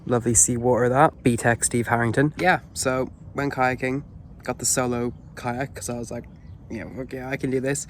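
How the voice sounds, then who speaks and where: A man's voice: medium pitch, level tone, moderate pace, slight background noise. A young man rambling casually and swearing as he vlogs his trip to camera. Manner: rambling, sweary, self-mocking. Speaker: vlogger. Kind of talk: casual travel vlog.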